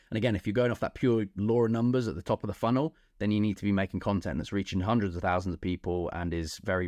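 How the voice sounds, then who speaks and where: A young man speaks in a low, casual voice, teaching other coaches as if across a table. He keeps tagging his points with "right?" and "okay?". The sound is close and dry. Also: dry recording.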